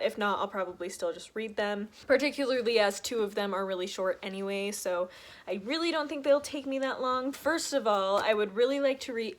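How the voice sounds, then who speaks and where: A young woman with a somewhat high voice chats to camera about her reading plans as a book vlogger. She sounds casual, chatty and enthusiastic.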